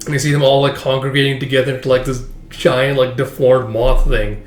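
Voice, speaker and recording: A man's voice: medium pitch, flat delivery, brisk, few pauses. A man giving a casual, filler-heavy recap, chuckling as he retells. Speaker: manga reader and reviewer. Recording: echoey room.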